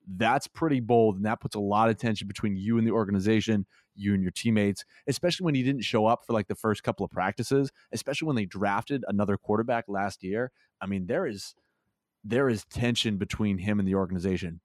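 A young man co-hosting a casual sports podcast, easygoing and quick to laugh. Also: fairly low pitch, no room sound, clean studio sound. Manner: easygoing, laughs between points. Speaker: podcast co-host.

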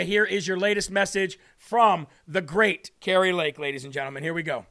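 A man hosting a talk show, ranting loudly and emphatically through political commentary with indignant outbursts. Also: high-pitched, moderate pace, hardly any pauses.

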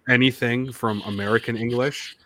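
A man's voice: mid-range voice, fairly even intonation, moderate pace, bright, forceful tone. A man co-hosting a podcast in casual chat, rambling and joking with lots of cursing and restarts. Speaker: podcast co-host.

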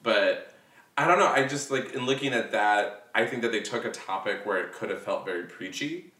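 Rambling male co-host, bright tone, a little distant from the mic. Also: fairly low pitch, normal speed. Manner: animated, rambling, filler-heavy, laughs often. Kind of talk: casual chat. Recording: echoey room, mic at a distance.

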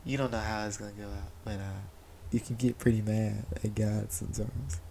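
A man's voice: on the low side, little pitch movement, moderate pace, creaky, warm tone, a little hiss or hum, poor audio. A man telling a personal story of faith and struggle in an earnest, confessional way, with many restarts. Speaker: father sharing a personal story. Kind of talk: candid personal talk about faith.

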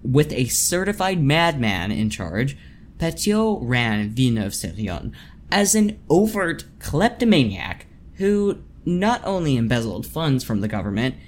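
A podcast co-host narrating true crime in casual chat, with sarcastic, deadpan asides. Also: medium pitch, measured pace, a little hiss or hum.

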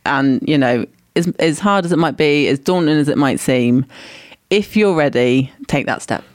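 A woman's voice: low voice, expressive, moderate pace. A woman co-hosting a podcast, chatty and opinionated in casual conversation. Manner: chatty, opinionated, laughs easily. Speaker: podcast co-host. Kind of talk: casual chat.

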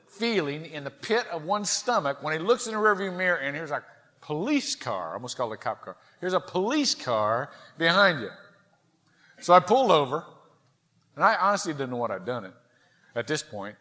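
A middle-aged male pastor preaching a sermon, telling a story in an animated, self-mocking way. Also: high voice, moderate pace. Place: large church sanctuary. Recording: reverberant church sanctuary.

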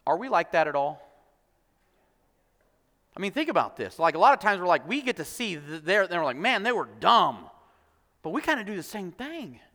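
A man's voice: sits high, sing-song, moderate pace, pauses often, sharp tone. A man preaching a sermon, telling the story playfully with quoted voices and jokes. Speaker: pastor. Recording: long hall reverb.

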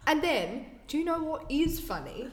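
A woman's voice: high voice, big pitch swings, normal speed. A young woman co-hosting a casual chat, reacting playfully and teasing her friend. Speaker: podcast co-host. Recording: roomy echo with long reverb, faint noise.

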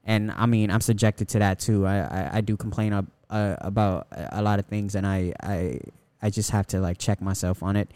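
A man's voice: lowish voice, fairly even intonation, moderate pace, mellow, smooth, no room sound. A young man co-hosting a casual podcast, talking in a rambling, profane way with many restarts. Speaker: podcast co-host.

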